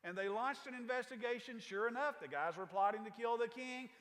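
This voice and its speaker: A male pastor preaches a sermon in a folksy, conversational way, full of casual asides to the congregation. His voice is pitched very high for a man. A long reverb from the church sanctuary trails his words. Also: fairly quick, a bit bright.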